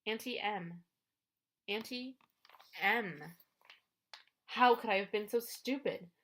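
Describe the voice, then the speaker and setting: A woman reading a first-person adventure audiobook in a steady storytelling voice. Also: mid-range voice, takes it slowly, slight background noise. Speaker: audiobook narrator.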